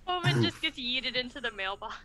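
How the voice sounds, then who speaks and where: A woman's voice: high-pitched, expressive, a little fast, heavy background noise. A woman playing in a tabletop role-playing game, teasing the others and giggling often. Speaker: player.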